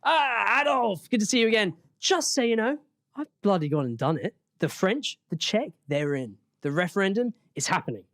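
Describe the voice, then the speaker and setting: A man voicing a smug, chummy British prime minister with a posh English accent, pitched up above his usual voice. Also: lively intonation, moderate pace, a bit bright, no room sound, clean studio sound. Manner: chummy, pleased with himself.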